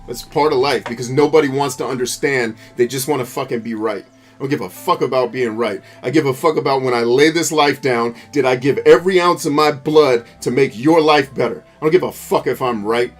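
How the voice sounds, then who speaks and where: A man rants as he plays a video game, cursing often and drifting into philosophical tangents. His voice sits at an ordinary middle pitch, and faint game music plays underneath. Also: brisk. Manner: profane, ranting, philosophical. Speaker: gameplay commentator. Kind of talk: rambling commentary over gameplay.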